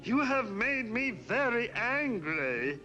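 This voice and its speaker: A man putting on the voice of a prim, huffy grown-up who scolds slowly and stiffly. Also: extremely high pitch, big pitch swings, pitched above the performer's own voice, heavily acted. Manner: slow, clipped, prissy indignation.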